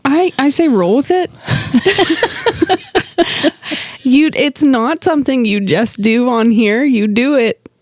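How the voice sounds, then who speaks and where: A woman's voice: high voice, takes it slowly, pauses often, no room sound. A woman co-hosting a podcast in casual chat, upbeat and encouraging, laughing often. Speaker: podcast co-host.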